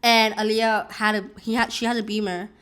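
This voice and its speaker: A woman's voice: on the high side, little pitch movement, moderate pace, fairly bright tone, clean tone. Young woman vlogger, casual storyteller, rambling and unpolished. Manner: rambling, many "like"s and restarts. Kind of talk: casual storytelling while eating.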